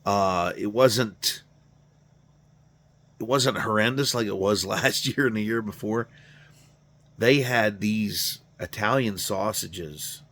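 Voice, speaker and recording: A man's voice: lowish voice, takes it slowly, pauses often, fairly bright tone. Tired, profane middle-aged man rambling. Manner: profane, rambling, self-deprecating. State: tired, yawning. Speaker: garage channel host. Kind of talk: casual rambling monologue.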